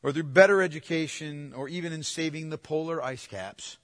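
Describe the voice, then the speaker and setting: A male pastor preaching a sermon, emphatic and swinging from hushed, drawn-out phrases to loud declarations. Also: a little high, long reverb tail.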